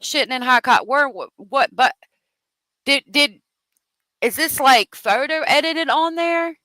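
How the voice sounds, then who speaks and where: A woman hosting her own true crime commentary, her somewhat high voice jumping all over the place as she rants and curses in disbelief. Her tone is bright and forceful, and the sound is dry and close. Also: expressive, a little slow, no echo, low-quality recording. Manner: profane, exasperated ranting.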